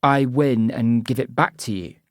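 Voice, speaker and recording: A man voicing a wary, dry-witted young woman in her twenties, giving curt deadpan replies in an audiobook. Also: medium pitch, normal speed, dry recording, close to an everyday voice. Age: 20s.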